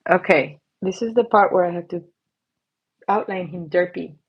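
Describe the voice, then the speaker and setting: A woman's voice: fairly low pitch, moderate pace, breathy edge, muffled recording. A middle-aged woman hosting a casual livestream while she paints, chatty and playful, slipping into silly voices and whispers. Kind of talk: casual live-stream chat while painting. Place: at her painting desk.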